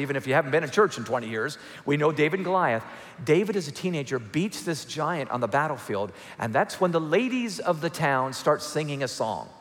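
A man preaches to his congregation, retelling an old story in a relaxed, chatty way with wry jokes. His voice sits at an ordinary middle pitch. The sound carries the long echo of a large church hall. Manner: conversational storytelling with humorous asides. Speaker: pastor. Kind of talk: sermon. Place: church sanctuary.

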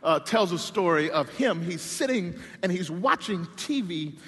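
Male pastor, lively preaching, bright forceful voice, long church reverb. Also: sits high, measured pace. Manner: animated, repetitive, call-and-response preaching. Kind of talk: sermon.

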